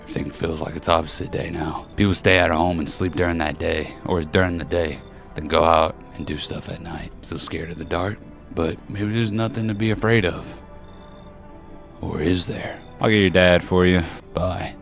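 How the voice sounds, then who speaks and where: A man with a low voice plays through a game and reads its characters out loud. He goofs around and cracks jokes between lines. Faint music sits under him. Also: steady tone, moderate pace, vocal fry. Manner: goofy, swears and jokes between read lines. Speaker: gaming streamer. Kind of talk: playing a game and reading its characters aloud.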